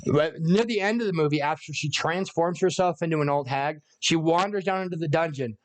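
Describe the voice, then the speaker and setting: A man's voice: a little high, a little fast. A man giving an unscripted, rambling, sarcastic and profane rant about a movie. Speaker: video creator.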